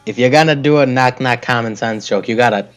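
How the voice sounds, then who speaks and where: A man running a tabletop game as game master over a voice call, playful and quick with jokes and asides. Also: mid-range voice, loud music behind the voice.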